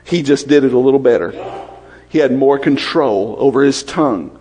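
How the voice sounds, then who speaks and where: A man preaching a sermon, quick-fire and lively, often asking questions of the congregation. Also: mid-range voice, breathy edge, long reverb tail.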